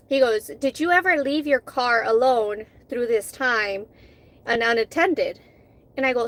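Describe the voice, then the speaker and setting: A woman's voice: a little high, expressive, measured pace, poor audio. A woman vlogger in casual chat with her live viewers, candid, swearing freely and acting out conversations as she tells them.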